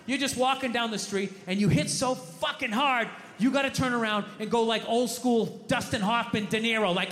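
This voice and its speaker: A man doing a stand-up routine, swinging between low mutters and high shouted rants, heavy with swearing. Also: moderate pace, very noisy. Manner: profane. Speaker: stand-up comedian. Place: stage in a large echoey venue. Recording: live stage recording with hall echo.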